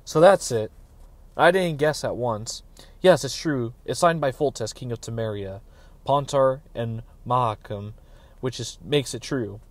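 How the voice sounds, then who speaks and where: A man reading aloud, voicing a gruff, officious middle-aged castellan in a fantasy story. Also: measured pace, dry recording, natural voice. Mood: blustering. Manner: exclaiming, higher and louder than the narration. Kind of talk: dramatic audiobook reading.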